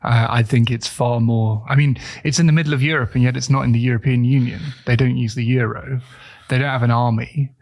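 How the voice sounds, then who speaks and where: A man's voice: mid-range voice, fairly even intonation, a little fast, vocal fry, a little mellow. A man co-hosting a podcast in casual chat, thinking aloud with many fillers as he guesses. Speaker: podcast co-host.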